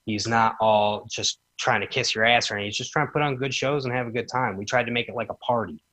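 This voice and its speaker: Man, 30s, podcast guest: bright voice, animated storyteller who acts out the quotes. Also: medium pitch, fast talker. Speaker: podcast guest, former wrestling promoter. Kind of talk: casual storytelling chat.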